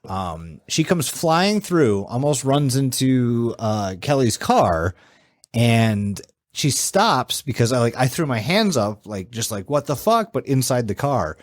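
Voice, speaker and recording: A man's voice: mid-range voice, sing-song, takes it slowly, dry recording, studio quality. A young man co-hosting a podcast, telling a story in casual, profane chat and acting out what people said. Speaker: podcast co-host.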